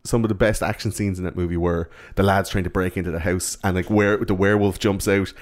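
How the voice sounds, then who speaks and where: A man's voice: low-pitched, steady tone, fast talker. A man chatting casually about a movie, swearing and acting out quotes. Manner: profane, acts out quotes in silly voices.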